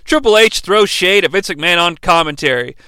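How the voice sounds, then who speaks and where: A male podcast host recaps a wrestling broadcast with animated irreverence, now and then bursting into shouted impressions. His voice sits high and smooth, moves fairly quickly, and the recording is dry.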